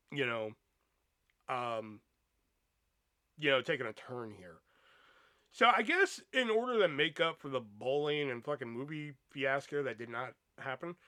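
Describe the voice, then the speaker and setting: A man's voice: on the high side, pushed and bright, dry recording, studio quality. A young man hosting a podcast, telling a rambling, profane personal story in a casual way with lots of fillers. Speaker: podcast host.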